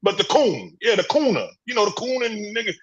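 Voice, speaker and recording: On a livestream video call, a man in a men's discussion group speaks fairly quickly in a high voice with big pitch swings. He is impassioned, preachy and emphatic, repeating words and restarting sentences, while the muffled audio carries a noisy background.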